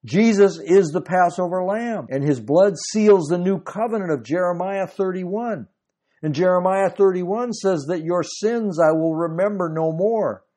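A man delivering a sermon, moving between reading scripture aloud and explaining it. His voice is mellow and warm, sitting a little higher than most men's. He presses hard on key phrases with emphatic swells. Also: a little slow. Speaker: preacher.

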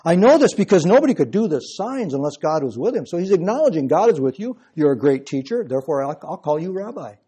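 A man's voice: a little high, sing-song, fast, few pauses, mellow, husky. A man voicing a sarcastic, proud old male rabbi, speaking in a mocking and indignant way. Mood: haughty.

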